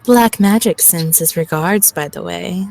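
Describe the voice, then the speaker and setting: A woman voicing a glamorous, theatrical female superhero diva in a text game, with a grand, drawn-out delivery. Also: on the low side, creaky, darkish tone, dry recording. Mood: gushing.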